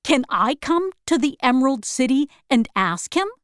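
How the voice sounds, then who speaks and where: A woman voicing a gentle, sad tin man. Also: high voice, big pitch swings, moderate pace, smooth, no echo, clean studio sound.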